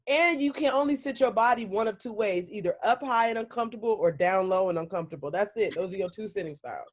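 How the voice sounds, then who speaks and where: A woman co-hosting a podcast in casual chat, with laid-back, slangy, deadpan asides. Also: medium pitch, fast. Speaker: podcast co-host.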